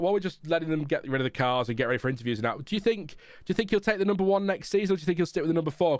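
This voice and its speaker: A man's voice: on the high side, dry recording, clean studio sound. A man hosting a casual live watchalong stream, chatting frankly and rambling with fillers. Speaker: livestream host.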